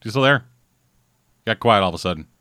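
A man's voice: fairly low pitch, animated, fairly quick, sharp tone, no room sound, clean studio sound. A man hosting a casual movie podcast, joking and bantering with his co-host.

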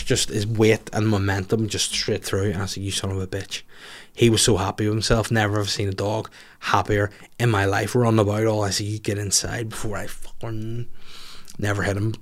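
A man hosting a podcast, telling a rambling comic story with lots of swearing. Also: on the low side. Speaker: podcast host.

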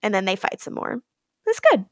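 Animated woman recapping a show. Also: medium pitch, normal speed, no room sound, clean studio sound. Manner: animated, laughs often, swears casually. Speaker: podcast co-host recapping episodes. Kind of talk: casual chat recap.

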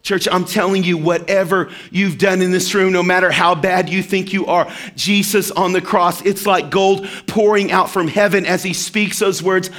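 A man preaching a sermon as pastor, animated and acting out quoted voices. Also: high-pitched, normal speed, few pauses.

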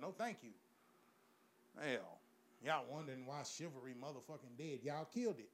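A middle-aged man works through a raunchy stand-up routine in a slightly high voice. He is profane and animated and keeps cracking himself up as he tells it. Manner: profane, animated, laughs at his own jokes. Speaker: stand-up comedian. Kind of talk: crude stand-up storytelling.

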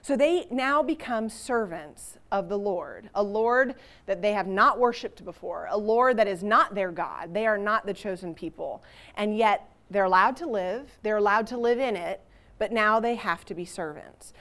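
A woman teaching a Bible passage to a church group in a conversational, animated way, with rhetorical questions. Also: mid-range voice, normal speed.

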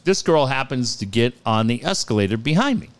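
A middle-aged radio host speaks briskly in a medium-pitched voice that's clear and resonant. He animatedly tells profane stories during casual conversation, acting out the quoted lines.

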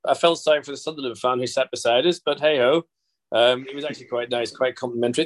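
A man's voice: medium pitch, fast talker. A man hosting a casual football podcast, jokey and chatty. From England. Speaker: podcast host.

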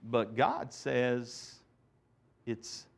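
A man pastor preaching a sermon, animated, with sarcastic asides and swings from loud to soft. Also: mid-range voice, extremely slow, creaky.

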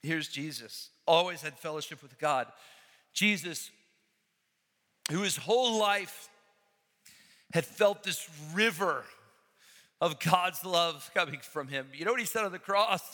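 A high, bright male voice preaching in a church with slow, deliberate pacing. He swings from near-hushed passages to ringing, impassioned calls. The long reverb of a large hall trails every phrase. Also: animated. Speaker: pastor. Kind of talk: sermon.

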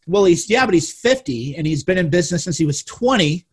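A man with a high, husky voice hosts the talk and speaks bluntly with open indignation. He swears freely and pushes his points hard. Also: expressive, fairly quick. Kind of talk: casual political chat.

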